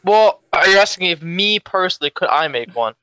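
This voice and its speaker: A young man with a strong Philadelphia accent talks in a laid-back, halting way, often repeating words. His voice is bright and smooth and fairly high, and it sounds dry and close to the mic. He is a jet-lagged player chatting as an interview guest. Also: expressive, dry recording. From Philadelphia, USA. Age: young adult. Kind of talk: casual interview answers.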